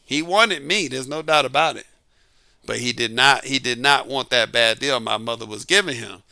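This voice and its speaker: A man's voice: mid-range voice, normal speed, creaky, bright, forceful tone, no echo. A middle-aged man talking casually about dating, emphatic and full of rhetorical questions. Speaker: dating advice talker. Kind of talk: casual monologue.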